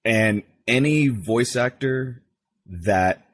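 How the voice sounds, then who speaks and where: A man's voice: mid-range voice, slow pace, slight background noise. A man who works as a voice actor, chatting casually as a podcast guest and acting out quotes as he explains. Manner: animated, acts out quotes while explaining.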